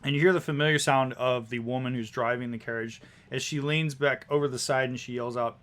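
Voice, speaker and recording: A man runs a tabletop game as its game master. He sets each scene in a medium voice and talks at an unhurried pace. He sometimes trips over a word and restarts. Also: medium pitch. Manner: relaxed scene description with small restarts.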